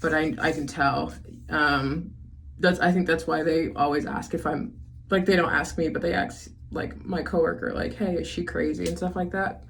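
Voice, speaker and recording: A woman's voice: low-pitched, steady tone, normal speed, a bit bright, slight background noise. A young adult woman talking to camera in a casual confessional vlog, rambling with lots of fillers and restarts.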